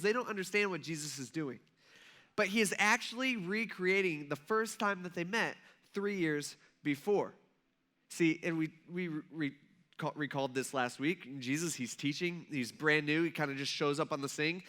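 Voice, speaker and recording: In a casual, conversational sermon, a male pastor speaks at normal speed in a high, pushed, bright voice with lively intonation. He loosely tells the story, acts out the voices of the people in it, and fills his speech with "kinda" and "like."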